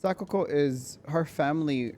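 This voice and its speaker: Chatty, excitable male game streamer. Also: fairly high pitch, moderate pace. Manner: chatty and excitable, swears and laughs often. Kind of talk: casual gameplay commentary.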